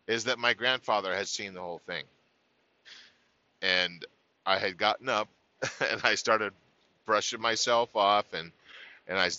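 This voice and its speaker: A man spins a funny story from his childhood in a chatty, folksy way, laughing at himself and restarting his sentences. His voice is very bright and forceful, recorded dry and close. The recording is slightly dull and lo-fi. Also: low-pitched, smooth, dry recording. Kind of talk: humorous personal storytelling.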